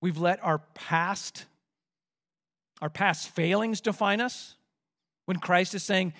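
High-voiced man preaching. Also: slow, long pauses. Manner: rhetorical questions, rising to forceful emphasis. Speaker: pastor. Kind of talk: sermon.

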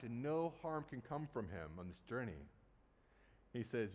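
A man's voice: medium pitch, very animated, a little slow, darkish tone. A man preaching a sermon, retelling a Bible story in a conversational way and casually acting out the quotes. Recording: long hall reverb.

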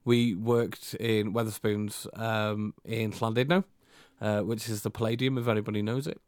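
Smooth-voiced man telling a rambling story. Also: on the low side, flat delivery, normal speed, darkish tone, dry recording, clean studio sound. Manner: rambling, hesitant, self-mocking. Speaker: podcast co-host. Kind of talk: casual storytelling chat.

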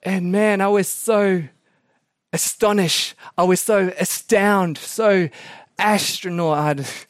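A male pastor preaching a sermon for a podcast, weaving animated stories and laughing asides into his message. His voice sits high for a man. The sound is dry and close, with no room echo. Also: takes it slowly. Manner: animated storytelling, chuckling asides. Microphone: podcast recording.

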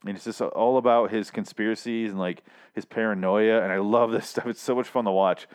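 A man's voice: lowish voice, fairly even intonation, brisk, clean tone. A young man casually recapping a TV episode, swearing freely and acting out the characters' lines. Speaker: TV recap vlogger.

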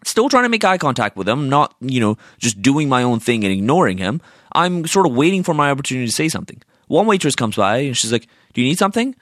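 A man's voice: medium pitch, sing-song, fast talker, a bit bright, no echo, studio quality. A young man telling a story in a casual rant, exasperated, swearing and sarcastic.

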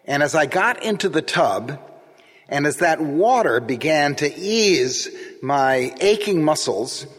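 A man preaching a sermon in a church, speaking in a gentle, reflective way. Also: fairly high pitch, lively intonation, slightly rough. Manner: slow, reflective, gentle delivery. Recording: church reverb.

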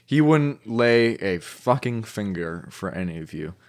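A man's voice: fairly low pitch, animated, a little slow. A man playing his character at a tabletop game, blustery and profane. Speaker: player. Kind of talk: in-character tabletop role-play.

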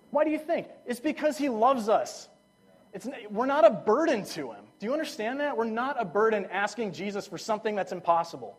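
Casual enthusiastic young male preacher. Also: sits high. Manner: casual, enthusiastic storytelling with frequent "like". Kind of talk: sermon.

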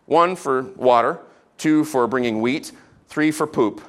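A man preaching a sermon, reading scripture with rising emphasis and dropping into casual, quiet asides. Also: mid-range voice, a little slow. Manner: casual asides with fillers between solemn readings.

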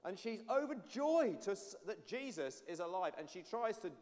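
A man, a pastor, giving an animated all-age sermon and addressing the children directly. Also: sits high, moderate pace. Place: church. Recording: long church reverb.

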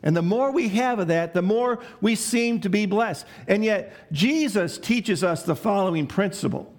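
A man's voice: sits high, moderate pace, few pauses, a little mellow. A man preaching a sermon as pastor, asking the congregation questions and letting them answer, with emphatic, varied delivery.

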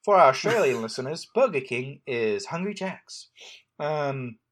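A man chats casually through a movie recap, his pitch bouncing up and down as he jokes. He rambles, circles back with "um" and "anyway," and keeps restarting his sentences. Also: animated, unhurried, fairly bright tone. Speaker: podcast co-host recapping a film. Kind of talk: casual chat.

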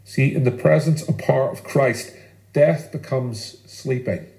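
A man preaching a sermon as pastor, earnest and emphatic, with deliberate pauses. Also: medium pitch, vocal fry, a little mellow, reverberant, poor audio.

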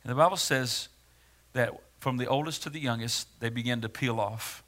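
Male pastor, sermon, dramatic, hushed to loud, bright voice. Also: mid-range voice, moderate pace.

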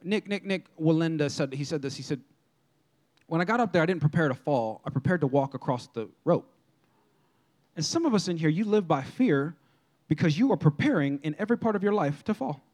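A man preaching a sermon as pastor, in a lively, conversational style that acts out quotes from people. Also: a little high, a little fast.

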